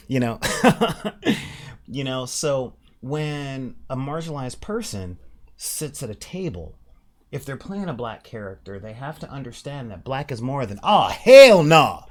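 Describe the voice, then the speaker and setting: A man hosting a casual monologue about tabletop gaming, emphatic and animated, slipping briefly into mock voices to make a point. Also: medium pitch, moderate pace. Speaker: podcast host.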